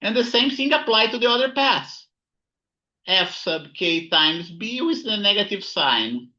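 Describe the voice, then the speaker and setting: Slow, bright-voiced male physics lecturer. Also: high voice, very animated, lo-fi sound. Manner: repeats key words, frequent "right?" and "here you go". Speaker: physics instructor. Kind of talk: recorded lecture while writing notes.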